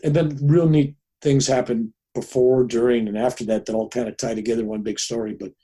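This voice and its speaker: A man in his seventies speaks as a podcast guest, telling his story with animated flair. He acts out the other people in it. His voice is dark and a little husky. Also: mid-range voice, a little fast. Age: 70s.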